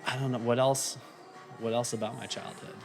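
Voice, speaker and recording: There's faint music in the background as this podcast guest talks at a moderate pace, his medium-pitched voice showing vocal fry. He's in his thirties with a slight Minnesota accent, chatting in a relaxed, rambling way full of fillers.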